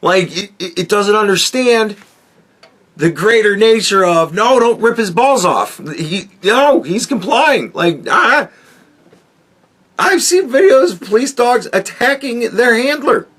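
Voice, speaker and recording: A man's voice: high-pitched, expressive, takes it slowly, fairly bright tone. A man hosting a podcast, ranting crudely and mockingly with heavy swearing as he reacts to a clip. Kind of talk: profane ranting commentary.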